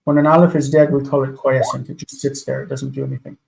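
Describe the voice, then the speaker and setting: A man's voice: medium pitch, level tone, fast talker, gravelly, a little mellow, slight background noise, poor audio. A man teaching a live class, patiently sounding out words syllable by syllable. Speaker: Hebrew teacher.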